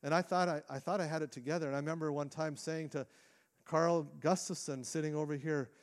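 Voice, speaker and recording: A middle-aged man, a lead pastor, preaching a sermon in a church with earnest delivery, restarting phrases and shifting between quick and slow phrasing. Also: fairly high pitch, fairly even intonation, smooth. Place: church sanctuary.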